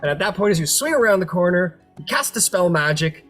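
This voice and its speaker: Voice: mid-range voice, expressive, a little fast, fairly bright tone, soft background music. A game master narrating a tabletop game loosely, thinking aloud and losing count.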